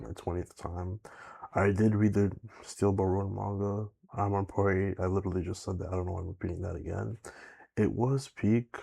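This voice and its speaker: A man's voice: low voice, gravelly, warm tone. A young man chatting casually to camera as a YouTuber, rambling with lots of filler words and swearing. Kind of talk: casual rambling vlog chat.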